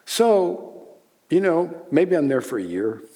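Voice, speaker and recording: A man's voice: a little high, big pitch swings, slow pace, warm tone. Storytelling man in an echoing hall. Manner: storytelling, chuckling. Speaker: speaker. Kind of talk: conference seminar talk. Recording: long hall reverb.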